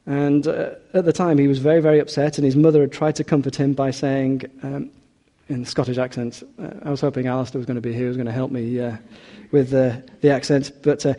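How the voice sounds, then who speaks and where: A man preaching a sermon, earnest and emphatic, slowing and dropping his voice on key phrases. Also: mid-range voice, little pitch movement, dark tone. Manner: earnest, emphatic, slows and drops on key words.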